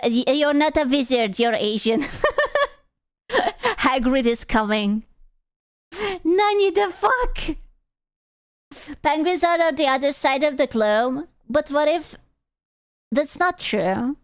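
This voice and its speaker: A woman's voice: a little high, clear, resonant tone. A young woman streamer chatting casually with viewers, playful and giggly, swearing and reacting dramatically.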